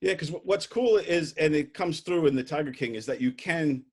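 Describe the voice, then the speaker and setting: A man's voice: a little high, moderate pace, heavy background noise. Chatty male interview host. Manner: chatty, laughing, many fillers. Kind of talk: casual interview.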